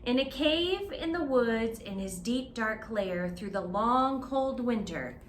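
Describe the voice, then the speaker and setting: A woman librarian reads a picture book aloud to children at a very slow, unhurried pace. She keeps pausing to ask her young listeners questions. Her voice is fairly high and echoes in a roomy space, with faint noise in the background. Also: expressive. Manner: interactive, asks children questions. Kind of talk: children's story time read-aloud.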